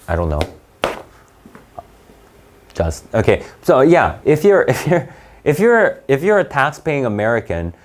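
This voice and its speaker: A man's voice: fairly low pitch, darkish tone. Rambling man teaching with many fillers. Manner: rambling, full of fillers and "right?" checks. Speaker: English teacher. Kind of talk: casual explanatory lesson.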